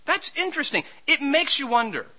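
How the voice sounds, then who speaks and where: A male preacher delivers a sermon with a bright, piercing tone. His pitch sits high and swings widely as he reads scripture and acts out its characters. He is expressive and dramatic throughout. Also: brisk, low-quality recording.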